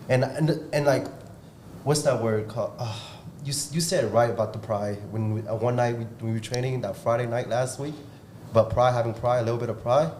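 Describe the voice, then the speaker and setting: A man's voice: fairly even intonation, brisk, a little mellow. Intense guy giving a pep talk, straight-up blunt, echoey room. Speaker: podcast host and martial arts coach. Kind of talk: casual motivational podcast talk. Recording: roomy with faint rumble.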